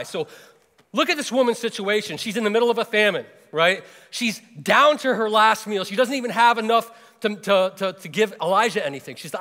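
A pastor preaching a sermon, talking casually and retelling a Bible story with frequent restarts. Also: male voice, sits high, lively intonation, a little fast, pushed and bright, in a large hall. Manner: conversational, explains and retells the story with many restarts.

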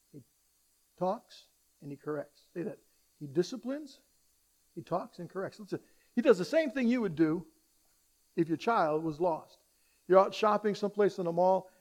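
A man preaching a sermon, swinging between loud urgent appeals and soft hushed asides, acting out quoted voices and having the congregation repeat lines after him. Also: sits high. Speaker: pastor.

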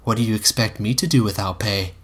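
A man voicing a bold, flirtatious adult woman with a teasing, coy way of talking and a husky voice. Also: fairly low pitch, brisk, fairly bright tone, slight background noise, natural voice. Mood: soft.

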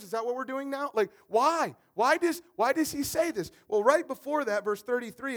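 A man preaching a conversational, animated sermon as a pastor, often repeating words as he builds a point. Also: very high-pitched.

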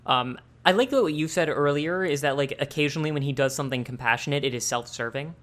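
A man's voice: fairly high pitch, quick pace, fairly bright tone. A man co-hosting a podcast, chatting casually about a cartoon, rambling and restarting his sentences, laughing easily. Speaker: podcast co-host. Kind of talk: casual chat.

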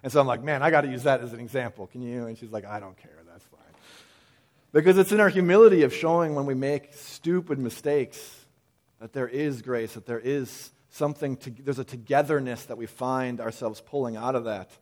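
Here the pastor talks a bit quickly at a medium pitch, keeping his sermon relaxed and chatty. He animates the voices he quotes, often stopping and starting over.

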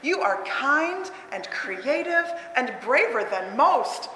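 A woman voicing a kind mother dinosaur in a slow, gentle storybook read, in a roomy hall. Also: high voice, big pitch swings, slight background noise, exaggerated voice. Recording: roomy hall with long echo.

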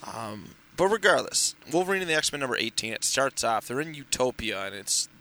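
A man's voice: medium pitch, very animated, fairly quick, sharp tone. A man co-hosting a podcast in casual chat, recapping a story in a rambling way, full of fillers and restarts. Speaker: podcast co-host reviewing comics.

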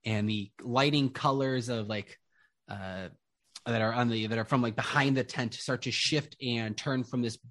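A man narrating a tabletop game as game master, describing scenes slowly with lots of fillers. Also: mid-range voice, a bit bright. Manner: slow, descriptive, rambling with fillers.

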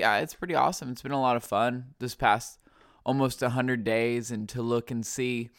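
A man's voice: mid-range voice, no room sound, clean studio sound. Rambling man with a stuffy nose. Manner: rambling, heavy on fillers and "like". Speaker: podcast host. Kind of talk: casual solo podcast chat.

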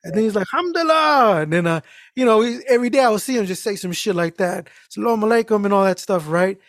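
A man's voice: high-pitched, fast, dry recording, clean studio sound. A man telling a work story in casual chat, cursing freely and acting out the people in it. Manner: animated, profane, acts out voices. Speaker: guest storyteller.

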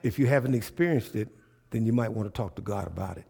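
A man preaching a sermon, calling out to the congregation and swinging between hushed asides and loud bursts. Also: on the low side, fast, gravelly, breathy edge.

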